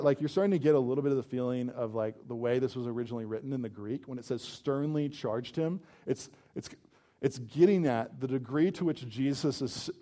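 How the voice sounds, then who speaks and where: A man preaching a sermon as pastor, in a conversational way, often saying "like" and stressing points with energy. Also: mid-range voice. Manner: conversational, peppered with "like", animated emphasis.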